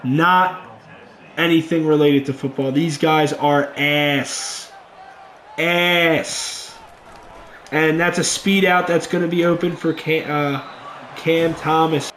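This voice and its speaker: A young man calls a football video game in a high, excitable voice, dropping to quiet muttering and then shouting at big plays. The room is echoey, with a faint hum behind him. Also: slow. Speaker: gaming YouTuber. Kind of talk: let's play commentary.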